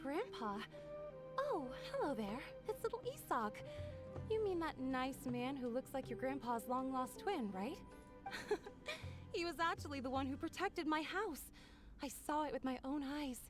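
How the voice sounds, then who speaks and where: An actress playing a shy, kindly village woman in a game who stammers when flustered and then chats warmly. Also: sits high, lively intonation, unhurried. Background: game music.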